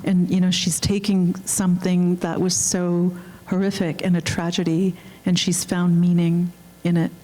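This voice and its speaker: A woman speaking as a film director on a panel, earnest and halting, with frequent restarts. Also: on the low side, little pitch movement, mellow. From Canada. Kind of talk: reflective panel talk. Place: auditorium.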